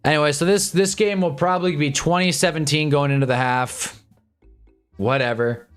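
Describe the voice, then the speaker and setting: A man's voice: on the high side, fairly even intonation, moderate pace, clear, resonant tone, faint music behind. A tired young man giving casual, rambling live football commentary with sarcastic asides. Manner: laid-back, rambling, sarcastic asides, frequent "whatever" and "anyway". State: tired, yawning. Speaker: football watch-along streamer.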